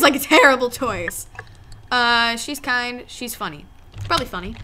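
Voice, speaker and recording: A woman's voice: fairly high pitch, moderate pace, long pauses. A woman commenting on a game and reading its chat lines aloud, often squealing and laughing as she reacts. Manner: animated, squealing and laughing at the story. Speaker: let's play gamer. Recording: loud music behind the voice.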